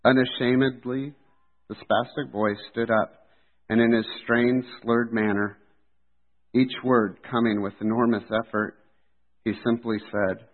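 Man, sermon, earnest steady preaching, mid-pitched voice, thin phone-like audio. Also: unhurried. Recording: tinny phone-like sound.

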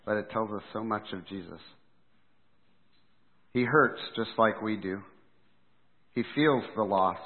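A man giving a sermon in a measured, earnest storytelling manner. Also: lowish voice. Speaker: preacher. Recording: tinny phone-like sound with long hall reverb.

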